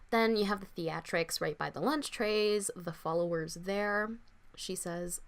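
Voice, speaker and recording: A young woman, an author, reading her own fiction aloud in an expressive, dramatic first-person audiobook style. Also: on the low side, creaky.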